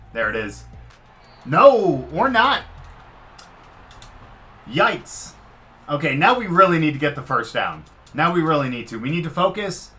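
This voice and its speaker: A man giving live commentary over his own football video game, swinging from muttered frustration to loud excitement. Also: on the high side. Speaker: gaming commentator.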